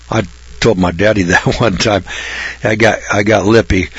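Man preaching, blunt folksy talk, husky low voice, dry dull lo-fi sound. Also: brisk, a bit bright, dry recording. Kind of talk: folksy Bible sermon. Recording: dull lo-fi recording.

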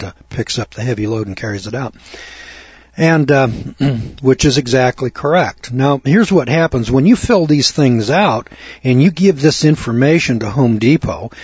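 An older man telling a long folksy story in a rambling talk, with many fillers and throat clearing. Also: medium pitch, a little mellow, dry recording, highs cut off. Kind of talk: rambling spoken monologue.

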